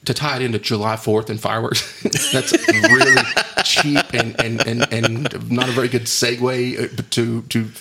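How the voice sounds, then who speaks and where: A man's voice: mid-range voice, little pitch movement, sharp tone, slight background noise. A man hosting a podcast, chatting casually in a joking, rambling way. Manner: joking, rambling, quick to laugh. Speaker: podcast host.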